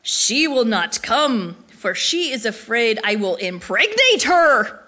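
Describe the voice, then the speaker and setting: A woman voicing her elderly father, a proud and mischievous man with a deep, gravelly voice, speaking solemnly yet teasingly. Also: big pitch swings, slow, pushed and bright, slight background noise, exaggerated voice.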